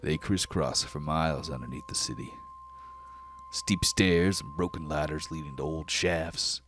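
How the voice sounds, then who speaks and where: A man voicing a cruel male hobgoblin prisoner, talking slowly and tauntingly. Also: rumbling low, noisy background. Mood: menacing. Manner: slow, taunting, drawling.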